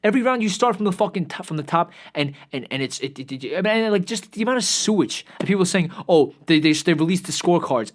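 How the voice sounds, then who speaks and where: A man's voice: high voice, a bit bright. A young man hosting his own show, ranting in a profane, exasperated way that sags at times into weary muttering. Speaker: podcast host. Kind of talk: ranting commentary.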